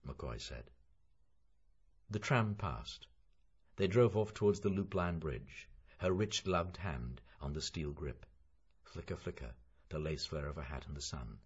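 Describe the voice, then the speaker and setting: A man narrating a literary audiobook with an expressive, rhythmic reading. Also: a bass voice, a little slow, slightly rough. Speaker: audiobook reader. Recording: dull lo-fi audiobook recording.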